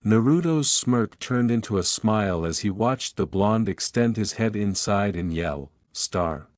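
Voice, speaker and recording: Low, dry male storyteller. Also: animated, a little slow, a little mellow, no echo. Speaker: narrator. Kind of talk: scripted fan-fiction narration.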